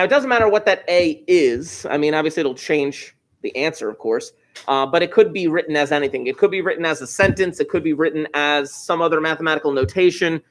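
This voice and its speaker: Chatty, excitable middle-aged math teacher. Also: male voice, on the high side. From New Jersey. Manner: chatty, enthusiastic, wandering asides. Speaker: high school math teacher. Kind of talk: classroom lecture with digressions. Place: classroom.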